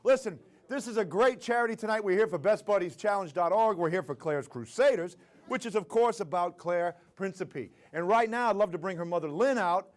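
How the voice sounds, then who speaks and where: A man's voice: high-pitched, animated, a little fast. A man hosting a live charity telethon, joking and hyping up the crowd. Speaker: telethon host. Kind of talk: live emcee banter.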